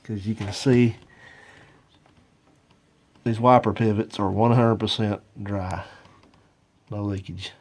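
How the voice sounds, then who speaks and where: A man's voice: fairly low pitch, steady tone, slow pace, pauses often, no echo. A man, talking folksy and explaining a car repair while filming it on a handheld phone outdoors. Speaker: mechanic, channel host. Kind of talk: hands-on repair demonstration. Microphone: handheld phone camera.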